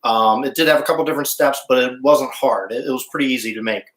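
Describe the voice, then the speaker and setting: A man's voice: mid-range voice, fast talker, fairly bright tone. Chatty male cooking host, roomy echo. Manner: chatty, stops to hum while tasting. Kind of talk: casual live-stream cooking chat.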